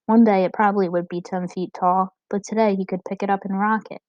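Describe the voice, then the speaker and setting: A woman narrating an audiobook chapter in a steady, expressive reading. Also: mid-range voice, brisk, dry recording. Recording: dull, dry lo-fi recording.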